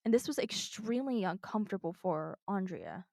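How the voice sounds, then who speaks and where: A woman's voice: medium pitch, big pitch swings, fairly quick, vocal fry, darkish tone, no echo, clean studio sound. A woman co-hosting a podcast, earnestly telling a true crime story in casual chat from her notes.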